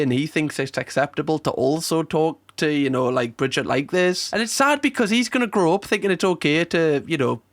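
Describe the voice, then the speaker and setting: A man's voice: on the high side, fairly bright tone. A man reacting to a reality show clip, laughing and incredulous as he comments. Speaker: reaction video host. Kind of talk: casual commentary over clips.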